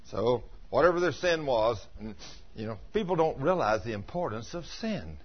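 Man, pastor, storytelling sermon, husky voice, dull lo-fi recording. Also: moderate pace. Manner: animated, swings from low asides to loud emphatic peaks.

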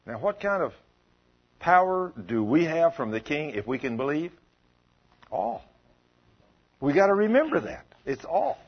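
A man's voice: fairly high pitch, very animated, measured pace, pauses often. A man preaching a sermon, telling stories emphatically in a folksy way. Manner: emphatic storytelling, folksy speech. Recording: dull lo-fi sound.

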